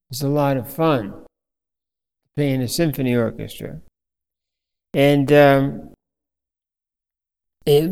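A man preaching a sermon as a priest, telling a story slowly with fillers and restarts. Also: mid-range voice, a little mellow, smooth, big-room sound.

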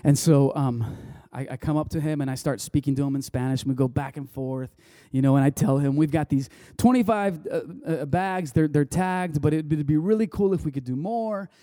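A man's voice: on the high side, brisk, few pauses, mellow, dry recording, clean studio sound. A man preaching a sermon, telling a personal story in a loose, conversational way with many restarts. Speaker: pastor.

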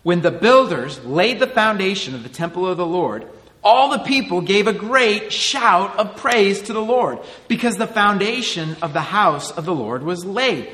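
A man's voice: high voice, lively intonation, moderate pace, a bit bright, big-room sound. A man in his thirties, a pastor giving an earnest, conversational sermon full of rhetorical questions.

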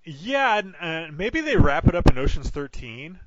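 Animated, incredulous man on lo-fi audio. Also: on the high side, normal speed. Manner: animated, incredulous, swears casually. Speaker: podcast co-host. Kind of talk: casual movie discussion. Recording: dull lo-fi audio with faint noise.

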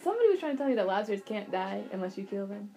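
A woman's voice: medium pitch, sing-song, very fast, vocal fry, mellow, soft background music. A woman co-hosting a podcast, joking and laughing in casual chat. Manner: playful, laughing, joking banter. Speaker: podcast co-host.

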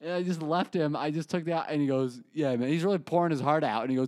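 A man's voice: on the high side, moderate pace. A young man in casual podcast chat, telling crude stories and mimicking the people he quotes. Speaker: podcast co-host.

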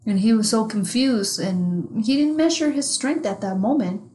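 A woman co-hosting a podcast in casual chat, talking candidly and with plenty of swearing, growing animated when something amuses her. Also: a little high, normal speed, a little hiss or hum. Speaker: podcast co-host.

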